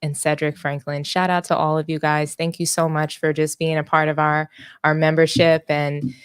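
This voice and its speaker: A woman co-hosting a casual sports podcast, cheerfully reading out member shout-outs. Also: low voice, level tone, normal speed, clean tone, no echo, studio quality. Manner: cheerful, upbeat listing of names. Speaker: podcast co-host.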